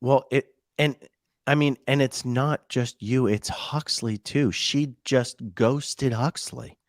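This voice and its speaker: A man's voice: mid-range voice, fairly even intonation, slow pace, no room sound, studio quality. A man hosting a conversation, speaking earnestly and supportively to his guest. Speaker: host. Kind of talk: interview conversation.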